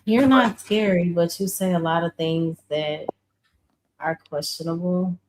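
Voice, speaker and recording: A woman hosting a casual talk show, speaking in a relaxed way with frequent short murmurs of agreement. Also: lowish voice, measured pace, slight background noise. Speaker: podcast host. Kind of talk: casual chat.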